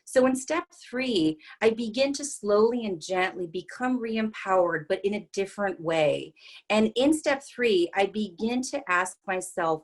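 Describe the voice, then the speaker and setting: A woman's voice: medium pitch, lively intonation, unhurried. A woman psychotherapist giving a talk, earnest and reassuring, with frequent fillers and restarts. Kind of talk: talk to an online group.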